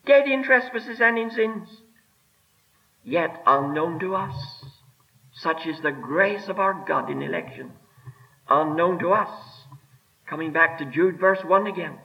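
A man preaching a sermon with emphatic delivery, rising and dropping, slowing right down to stress his words. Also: high voice. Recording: dull lo-fi sermon recording.

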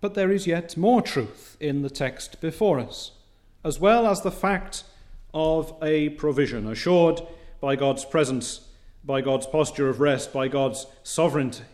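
Slow, deliberate preacher man. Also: fairly high pitch. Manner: slow, deliberate preaching with emphatic rises and quiet drops; reads scripture in old biblical wording. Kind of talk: sermon.

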